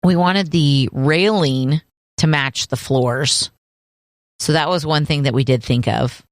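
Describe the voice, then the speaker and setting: A woman's voice: sits low, slow, no echo. Playful woman co-host, dry mic. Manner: playful, teasing, laughs often. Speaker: podcast co-host. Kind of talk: casual chat.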